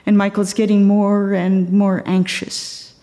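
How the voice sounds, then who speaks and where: A woman retelling a true story in an earnest, measured way. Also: mid-range voice, flat delivery, mellow, long reverb tail. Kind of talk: storytelling talk.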